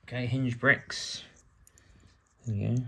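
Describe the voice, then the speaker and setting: A man's voice: medium pitch, fairly even intonation, takes it slowly, creaky, pushed and bright. A British man from the UK giving casual build-along narration as a vlogger, chatty and full of wry asides while he works. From United Kingdom.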